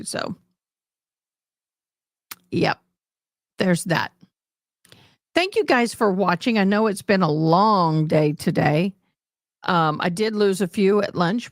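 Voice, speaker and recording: A woman's voice: on the low side, very animated, takes it slowly, long pauses, dry recording, clean studio sound. A woman from Tennessee with a mild Southern accent, hosting a casual livestream chat with viewers in a rambling, talkative way and now and then slipping into playful put-on accents. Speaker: livestream host.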